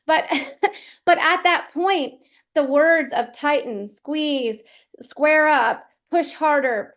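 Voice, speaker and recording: High-pitched lady coach, chatty and animated, telling stories to a live q&a. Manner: chatty, animated storytelling with laughs. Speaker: performance coach. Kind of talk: live Q&A storytelling.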